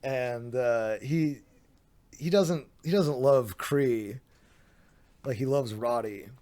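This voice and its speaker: Late at night, a man live-streams casual commentary, reading out online drama with tired, sardonic remarks, swearing and laughing. His voice is mid-range, slow and mellow.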